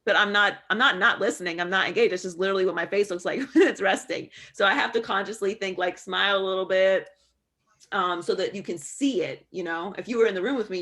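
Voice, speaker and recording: A woman sports broadcaster candidly answering student questions over a video call, relaxed and full of fillers. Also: lowish voice, quick pace.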